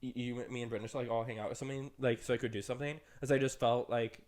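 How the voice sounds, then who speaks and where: A man's voice: steady tone, rapid-fire, darkish tone. A young man co-hosting a podcast, telling a long story in casual chat with lots of "like" and "um". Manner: chatty, rambling, full of "like" and "um"; jumps up high for quoted voices and laughter. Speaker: podcast co-host.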